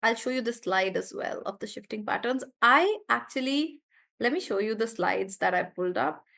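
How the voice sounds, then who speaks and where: A woman with a fairly high voice teaches English pronunciation in a live online class. She slows right down and stretches each word to show where the stress falls, then speeds back up to chat with her students, calling them by name as she answers their questions. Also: animated, gravelly, fairly bright tone.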